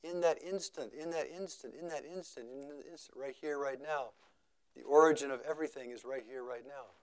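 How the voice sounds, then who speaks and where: At a meditation retreat, a man delivers a slow, measured dharma talk in a contemplative vein. His voice sits on the high side, and he repeats phrases for emphasis, letting each thought fade to quiet at its end.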